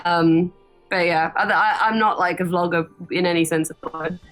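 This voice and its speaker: A woman's voice: lowish voice, fairly even intonation, moderate pace, a bit bright, faint music behind, poor audio. A young woman, a voice actress, chatting casually and cheerfully as an interview guest, laughing often. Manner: giggly, chatty, upbeat.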